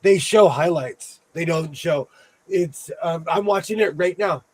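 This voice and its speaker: A man with a fairly high speaking voice hosts a sewing stream. He chats casually and tells stories with animated, playful asides. The talk is loose and conversational. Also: a little slow, slightly rough. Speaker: host of a sewing show. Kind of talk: casual livestream chat.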